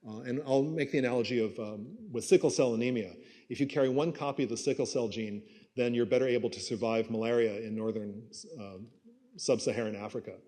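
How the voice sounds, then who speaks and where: A man's voice: mid-range voice, warm tone. A man, a neuroscience professor, answering audience questions at a university assembly in a conversational way, thinking aloud with frequent fillers. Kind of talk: lecture Q&A answers.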